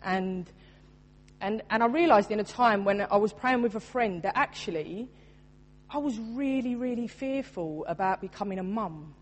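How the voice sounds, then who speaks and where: A woman's voice: medium pitch, moderate pace, slight background noise. Earnest woman preaching in reverb. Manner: earnest, personal, emphatic preaching. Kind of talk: sermon. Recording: long reverb in a large room.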